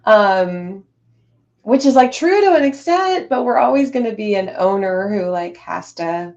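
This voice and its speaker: A woman guest in a casual interview, chatty and full of fillers, speaking in quick bursts. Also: mid-range voice, animated, creaky, a little mellow, dull audio. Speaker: guest, business owner.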